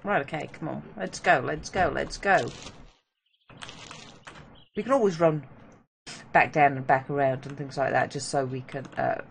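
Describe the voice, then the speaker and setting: A woman's voice: sits low, normal speed, gravelly, long pauses, a little hiss or hum. A woman casually commenting on her gameplay, chatting to the zombies and teasing a teammate. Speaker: gamer.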